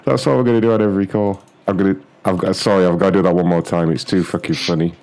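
A man in casual banter between prank phone calls, giggly and swearing, talking in quick bursts. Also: deep voice, steady tone, noisy background. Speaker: prank caller.

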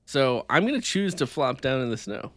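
A man's voice: medium pitch, very animated, moderate pace, a bit bright, no echo. Man, playful, laughing, casual podcast read, video call, dry sound. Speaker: podcast co-host. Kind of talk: casual chat, reading a gamebook aloud.

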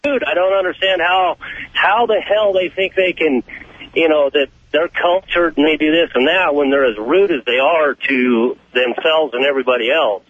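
A man's voice: fairly high pitch, moderate pace, no room sound. Ranting male caller on a tinny phone. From Oregon. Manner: heated, ranting, plainspoken. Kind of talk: phoned-in radio call.

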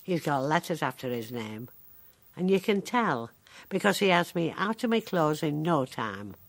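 A woman's voice: low voice, moderate pace, exaggerated voice. A dry-witted Northern English woman of ninety-five. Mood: wry. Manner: dry, deadpan, wry storytelling. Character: sharp-tongued woman of ninety-five in a care home. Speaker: monologue character. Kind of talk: dramatic monologue.

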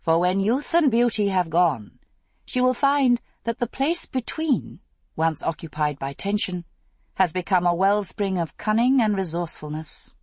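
A woman reading an audiobook epigraph in a slow, solemn manner. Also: medium pitch, expressive, a little mellow, dry recording. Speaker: audiobook reader of chapter epigraph. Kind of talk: scripted narration.

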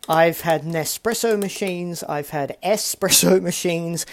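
A man's voice: a little high, unhurried, a little hiss or hum. A man hosting a casual solo podcast, talking in a chatty, self-deprecating way full of rambling asides. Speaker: podcast host.

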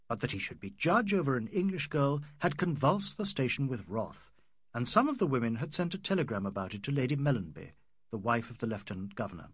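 A male audiobook narrator reads a literary novel in a measured, expressive manner, his pitch moving freely across phrases. His voice is husky and sits close and dry, with no room sound. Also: no echo.

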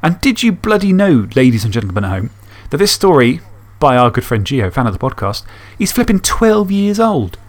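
A man's voice: medium pitch, big pitch swings, normal speed, hardly any pauses. A man hosting a podcast, reading fan stories and chatting enthusiastically, swearing casually. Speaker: podcast host.

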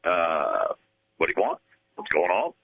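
A man doing a low, gruff old ball manager. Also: very animated, unhurried, no echo, highs cut off, heavily acted. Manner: clipped, repetitive short phrases. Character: gruff older male baseball manager, curt.

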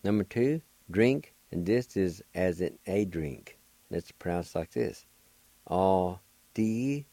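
Older man, Cherokee accent, radio language lesson, very low voice, dry close sound. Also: lively intonation, vocal fry, warm tone, no echo. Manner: slow, patient spelling out of words. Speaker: language teacher and radio host.

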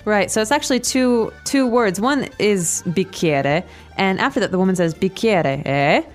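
A woman hosting a language lesson podcast, explaining phrases slowly and repeating them. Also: mid-range voice, lively intonation, faint music behind.

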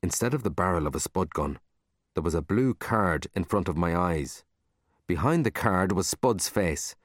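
Deep-voiced man reading a storybook. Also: moderate pace, no room sound, clean studio sound. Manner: expressive, animated reading. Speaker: audiobook narrator. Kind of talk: storybook narration.

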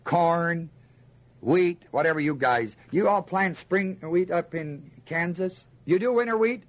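A man's voice: fairly high pitch, unhurried. An older man teaching a Bible lesson to a listening group, asking them questions and answering himself with emphasis. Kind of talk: sermon teaching.

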